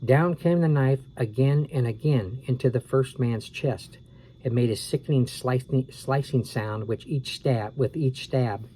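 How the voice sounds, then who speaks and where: Mellow-voiced man reading spooky stories. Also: mid-range voice, unhurried, a little hiss or hum, poor audio. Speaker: storyteller. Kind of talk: reading a spooky storybook aloud.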